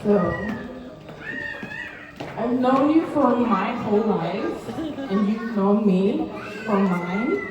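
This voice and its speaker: A woman's voice: fairly high pitch, animated, very slow, long pauses, highs cut off, music in the background. A young woman giving a nervous, tearful birthday speech for her cousin, laughing between words. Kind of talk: emotional birthday toast. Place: large hall at a party. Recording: echoey hall, mic far off, crowd noise. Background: party crowd.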